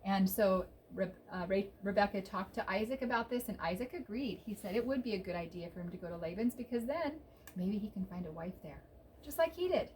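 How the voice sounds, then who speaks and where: A woman teaching children a Bible story, exclaiming often and pausing with fillers. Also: mid-range voice, expressive, a little mellow, a little hiss or hum, rough recording. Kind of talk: storytelling lesson for kids.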